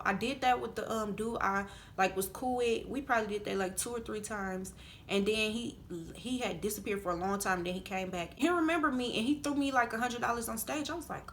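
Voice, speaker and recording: A woman telling a story to her vlog audience in a casual, animated way, swearing freely and growing loud when angry. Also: fairly high pitch, fairly quick, a little hiss or hum. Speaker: vlogger telling a story time.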